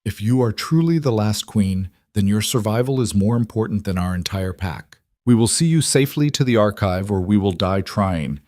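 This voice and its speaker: A man's voice: on the low side, expressive, moderate pace, hardly any pauses, darkish tone, dry recording, clean studio sound, close to an everyday voice. A man doing a growling northern wolf alpha. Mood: solemn. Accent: thick northern. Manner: growling, solemn. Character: huge scarred old wolf alpha, gruff and fierce.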